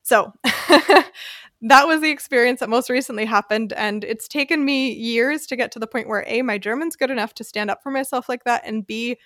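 An American woman hosting a podcast, telling a personal story in a casual, animated way and acting out the voices she quotes. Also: a little high, moderate pace, no room sound, studio quality. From United States. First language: English. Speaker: podcast host.

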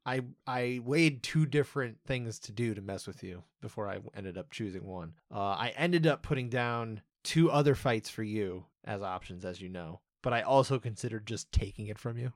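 A man co-hosting a podcast in casual chat, talking quickly with asides and easy laughs. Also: lowish voice, no room sound, clean studio sound. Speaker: podcast co-host.

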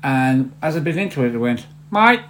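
A man's voice: medium pitch, a little fast, slight background noise. A man hosting a casual board-gaming podcast, teasing and joking with his co-hosts. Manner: jokey, teasing. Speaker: podcast host. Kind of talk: casual banter.

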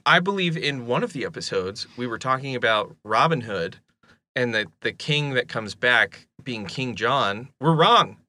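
A man co-hosting a podcast, chatting casually in an animated, self-deprecating way, often stumbling and restarting his sentences. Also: mid-range voice, measured pace. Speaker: podcast co-host.

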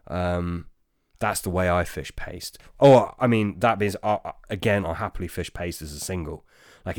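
A man with a very low voice talks through listener questions in a relaxed, rambling way, full of ums and restarts. The sound is dry and close, with almost no room. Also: clean tone, no echo. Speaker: podcast host. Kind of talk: casual chat answering listener questions.

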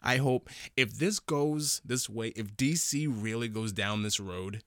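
A man's voice: on the low side, measured pace, a bit bright, no echo, clean studio sound. A man co-hosting a show review podcast, chatting casually and often restarting his phrases as he thinks. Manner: rambling, repeats his words while thinking. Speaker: podcast co-host. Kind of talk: casual chat.

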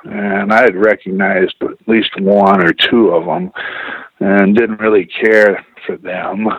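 A man's voice: lowish voice, steady tone, takes it slowly, slightly rough, no echo. Man, casual rambling storyteller, salty language, dry close sound, muffled lo-fi radio. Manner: rambling and profane, heavy use of "you know". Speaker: guest telling personal stories.

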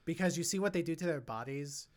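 A man co-hosting a podcast, reviewing a film in casual chat, animated and earnest, quoting characters' thoughts as he talks. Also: a little high. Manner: animated, acts out characters' thoughts in quick quotes; emotional and earnest about the film. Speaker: podcast co-host.

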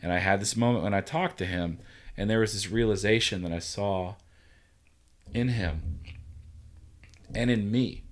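A man hosting a relaxed conversation, telling a story with energy. He acts out what each person said and swears freely as he goes. His voice sits fairly low. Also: measured pace, pauses often. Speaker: podcast host. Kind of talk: casual conversation.

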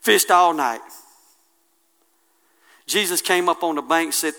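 A man preaching a sermon, colloquial and impassioned, swinging from hushed asides to loud declarations. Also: fairly high pitch, a little slow, vocal fry.

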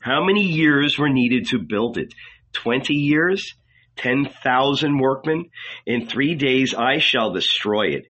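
A man's voice: medium pitch, expressive, takes it slowly, pushed and bright, highs cut off, exaggerated voice. A man reading an audiobook, voicing a defiant preacher who speaks firmly and with sarcasm. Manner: firm, weighty, at times sarcastic. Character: defiant male preacher, fiery and mocking.

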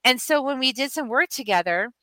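Fiery, bright-voiced middle-aged woman. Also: high-pitched, animated, a little fast, dry recording, rough recording. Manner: emphatic, rousing, repeats words for force. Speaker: guest, medicine woman and mentor. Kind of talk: passionate storytelling in conversation.

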